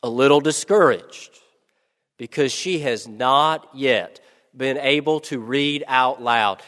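A male preacher tells a story in a slow, deliberate, reflective sermon. His voice sits slightly high and each phrase trails off in a long reverb. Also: fairly bright tone.

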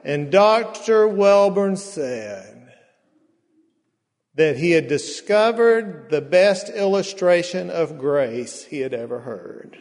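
A man's voice: a little high, lively intonation, darkish tone. A man preaching in a slightly raised voice, taking his time over every phrase. His words ring out with a long reverb, as in a large church sanctuary. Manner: slow, drawn-out storytelling with emphatic pauses. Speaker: pastor. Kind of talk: sermon.

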